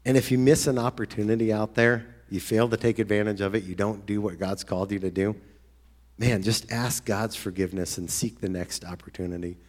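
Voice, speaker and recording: Earnest man preaching, low voice. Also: a little fast. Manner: earnest, conversational, with sudden excited outbursts. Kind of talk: sermon.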